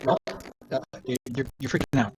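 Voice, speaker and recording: A man playing in an online tabletop game, introducing his character in a casual, hesitant way full of fillers. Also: brisk. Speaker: player.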